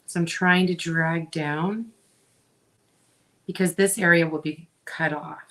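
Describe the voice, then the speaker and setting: Chatty woman slowly demonstrating a craft. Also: lowish voice, steady tone, fairly bright tone. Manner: chatty, talks to viewers while working, frequent fillers. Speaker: craft video host.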